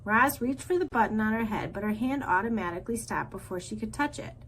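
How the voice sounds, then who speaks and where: A woman's voice: on the high side, quick pace, slight background noise, rough recording. A woman reading a children's novel aloud to a class as a teacher. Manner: expressive storytelling.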